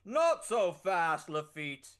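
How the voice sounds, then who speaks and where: A man's voice: high voice, sing-song, slow pace, clean tone, heavily acted. A man voicing a muscular, boastful minstrel who speaks boldly. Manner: bold, loud and proud. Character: buff boastful male minstrel.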